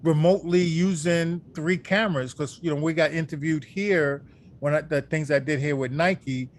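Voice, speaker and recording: A man's voice: fairly high pitch, steady tone, normal speed, a little hiss or hum. A man hosting a sports talk show, chatting loosely and enthusiastically with many fillers. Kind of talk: casual chat.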